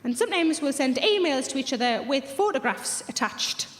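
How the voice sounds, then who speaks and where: A woman's voice: sits high, lively intonation, moderate pace. A woman in her thirties telling chatty, bawdy stand-up stories. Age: 30s. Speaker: stand-up comedian. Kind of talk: stand-up comedy. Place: large theatre with audience. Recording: echoey theatre, audience noise.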